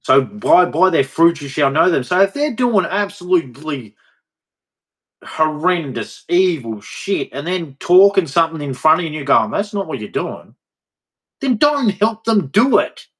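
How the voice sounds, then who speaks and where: A man's voice: on the high side, lively intonation, normal speed, a bit bright, slightly rough. A man delivering a heated, preachy rant straight to his audience, repeating words for emphasis. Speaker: vlogger. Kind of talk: ranting monologue to camera.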